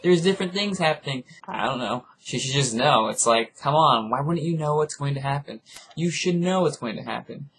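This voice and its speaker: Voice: medium pitch, normal speed, a bit bright. An anime reviewer ranting casually in a rambling, profane, exasperated way.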